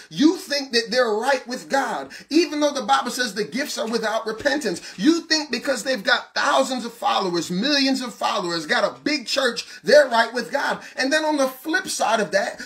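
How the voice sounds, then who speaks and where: A man preaching a passionate sermon, asking the listener questions and shouting some lines. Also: very high voice. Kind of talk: fiery street-style sermon.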